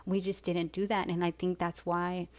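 A woman's voice: lowish voice, little pitch movement, normal speed, a little mellow, dry recording. A woman in her forties candidly telling a personal story, frank and swearing freely, with many fillers.

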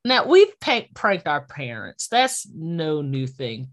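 A millennial woman in her late twenties or thirties co-hosts a casual podcast. She tells stories animatedly, laughs a lot, and swears casually. Her voice is low, sing-song, and slow.

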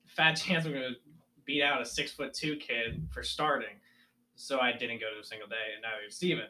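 A man's voice: mid-range voice, fairly quick. A young man casually telling a story from his school sports days and acting out his coaches' lines. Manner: animated storyteller, acts out coaches yelling.

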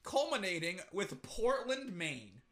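A man co-hosting a casual podcast, telling an animated story with swearing and mocking quotes. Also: sits high, slow. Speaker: podcast co-host.

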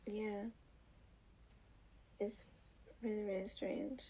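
A woman's voice: medium pitch, flat delivery, extremely slow, warm tone, husky, low-quality recording. A young woman from Southern Africa in casual chat, co-hosting a podcast, often searching for words and restarting her phrases.

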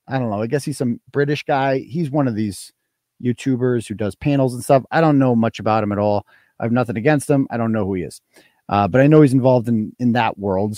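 A man's voice: medium pitch, dark tone, no room sound. A man hosting a live stream, reading donations and ranting in a profane, mocking, combative way. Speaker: live show host.

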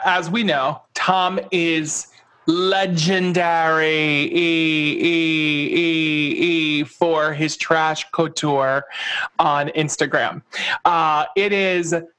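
A man hosting a casual chat, playful and self-deprecating as he runs a quick game. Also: a little high, fairly even intonation, sharp tone, clean tone. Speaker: host.

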